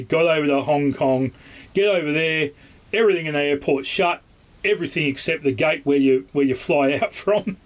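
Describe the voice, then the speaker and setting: Rambling Australian man telling a story. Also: on the high side. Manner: rambling, with many fillers and restarts. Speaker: vlogger. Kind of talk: casual storytelling.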